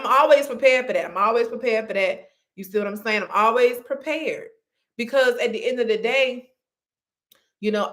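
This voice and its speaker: Woman host, lively faith pep talk that calls listeners honey and y'all. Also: medium pitch. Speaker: podcast host.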